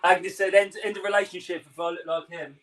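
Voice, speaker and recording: Bright-ish and high, this young man's voice stays steady as he talks briskly over a rough recording. He's a chef with a London-tinged English accent, laughing often and replying to viewer comments on a live cooking stream.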